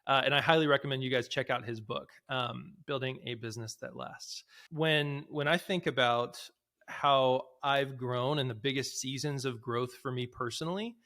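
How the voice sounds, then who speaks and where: A man's voice: medium pitch, fairly even intonation, moderate pace, bright, forceful tone. A man hosting a podcast, asking reflective questions in a casual, encouraging way. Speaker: podcast host. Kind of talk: casual interview chat.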